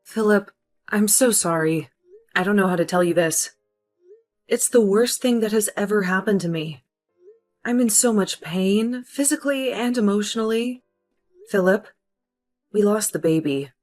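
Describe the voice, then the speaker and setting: A woman's voice: fairly high pitch, very animated, slow, heavily acted. A woman playing a grieving young wife who pleads and accuses in a hurt voice, over faint background music.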